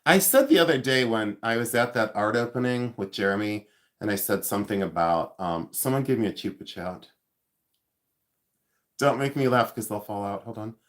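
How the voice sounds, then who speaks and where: A man's voice: on the low side, moderate pace, a bit bright. A man in his fifties hosting a casual livestream from home, rambling, joking about himself and thanking viewers by name. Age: 50s. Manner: rambling and self-mocking, reads out viewer comments. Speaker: livestream host.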